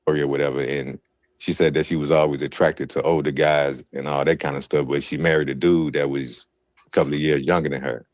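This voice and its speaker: A man with an extremely deep voice tells a story in an easygoing, laid-back way. The sound is close and dry. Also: little pitch movement, brisk, dry recording. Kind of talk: casual podcast talk.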